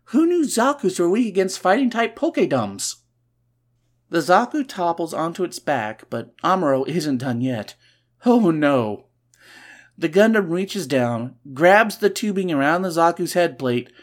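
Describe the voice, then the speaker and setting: A man hosting a podcast, recapping a comic book with sarcastic, joking asides and sudden bursts of excitement. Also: a little high. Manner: excitable, swings between loud and quiet. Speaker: podcast host.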